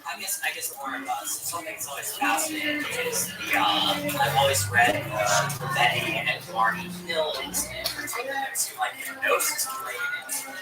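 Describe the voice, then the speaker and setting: High, lively woman asking hesitantly over loud music. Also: fairly quick. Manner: hesitant, searching for words. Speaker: audience member asking a question. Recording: echoey and distant, loud music behind.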